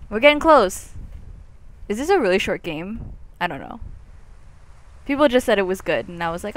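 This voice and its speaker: A young woman giving casual commentary while playing a game, chatty and jokey with sudden loud outbursts. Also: medium pitch, big pitch swings, moderate pace, long pauses, a little hiss or hum. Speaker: let's play gamer.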